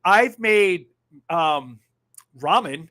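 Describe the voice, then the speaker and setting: This man, in his fifties, hosts a casual livestream and reads out viewer comments sardonically, veering between muttering and loud bursts with plenty of swearing. He has a high-pitched voice and speaks extremely slowly.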